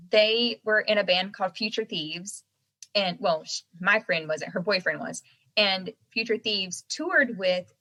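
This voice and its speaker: A woman's voice: mid-range voice, sharp tone, poor audio. A woman guest on an interview podcast, telling a story casually with many fillers and restarts. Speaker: guest singer-songwriter.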